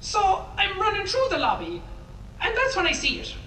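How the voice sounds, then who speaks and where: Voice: very high voice, huge pitch swings, moderate pace, bright, forceful tone, slight background noise, full character voice. A voice actor playing a nervous male factory worker, rambling through a story. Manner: nervous, rambling, swears mildly. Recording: echoey tape recording from a distance.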